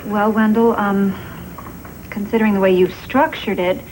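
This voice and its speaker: A woman's voice: medium pitch, steady tone, moderate pace, a little mellow, lightly acted, poor audio. An actress playing a firm, dry-humored female TV producer in a sitcom. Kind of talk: sitcom acting. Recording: hissy TV audio.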